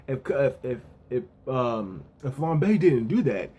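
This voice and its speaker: A man talking through a review in a relaxed, rambling way, full of fillers and restarts. His voice is husky and mellow, sitting at an ordinary middle pitch. Now and then he lifts his voice to play out lines from the story. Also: slow pace. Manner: relaxed, repetitive, with frequent verbal fillers; acts out characters' lines in a lightly raised voice. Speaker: anime and manga reviewer. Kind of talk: casual spoken recap.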